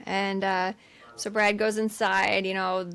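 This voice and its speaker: A woman co-hosting a podcast, retelling a film in an animated way and acting out the scenes. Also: mid-range voice, slow pace, creaky, clear, resonant tone. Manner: animated retelling, acts out scenes with quoted voices and laughs. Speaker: podcast co-host. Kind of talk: casual chat recapping a film.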